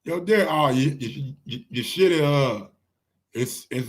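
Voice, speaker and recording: A man's voice: mid-range voice, measured pace, over loud music. A man with a New York accent hosting a casual live-stream sports show, ranting and firing rhetorical questions at his viewers. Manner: animated, ranting, asks the chat rhetorical questions.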